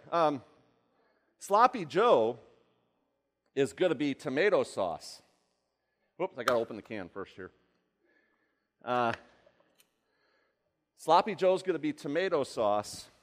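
Chatty man demonstrating cooking in a hall. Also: on the high side. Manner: chatty, rambling, asks the audience questions. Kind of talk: live cooking demonstration to an audience. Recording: long hall reverb.

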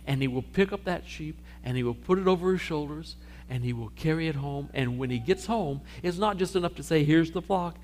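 Animated male preacher telling a parable. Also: fairly high pitch, fairly quick, slight background noise. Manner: animated storytelling, acting out sheep and Jesus. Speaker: pastor. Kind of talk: sermon.

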